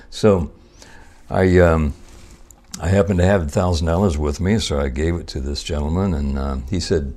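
A man with a very low, husky voice telling jokes in a relaxed way. His tone is dark and mellow, and he chuckles as the punchlines land. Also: moderate pace. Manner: laughs at his own punchlines.

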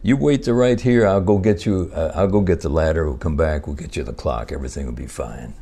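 A man voicing a pushy Italian street hustler who speaks with an Italian accent and a husky voice. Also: rumbling low, fairly quick, dark tone, heavily acted. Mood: wheedling.

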